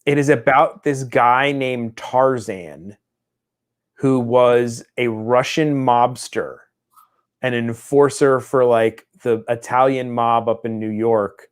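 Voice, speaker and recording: A man's voice: mid-range voice, steady tone, slow pace, smooth. A man co-hosting a casual chat show, telling a long rambling story and acting out the people in it. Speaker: podcast co-host.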